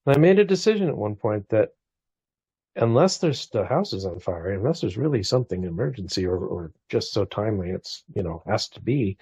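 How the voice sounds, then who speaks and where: A man's voice: fairly low pitch, big pitch swings, a little fast, breathy edge, no echo. A man in his forties talking reflectively in a casual conversation, full of restarts and small asides. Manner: reflective, warm storytelling with frequent restarts.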